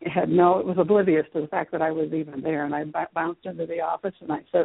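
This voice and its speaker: A middle-aged woman, a guest, telling a story about her childhood in an animated way, acting out the dialogue. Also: fairly low pitch, a little fast, gravelly, slightly rough, no room sound. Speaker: guest, Reiki teacher. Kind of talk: storytelling in an interview. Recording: phone-line call-in audio.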